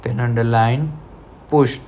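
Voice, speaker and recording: A man teaching an English lesson to children in Indian English, slowly repeating words and spelling them out letter by letter. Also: mid-range voice, fairly even intonation, a little mellow, slight background noise. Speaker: school teacher.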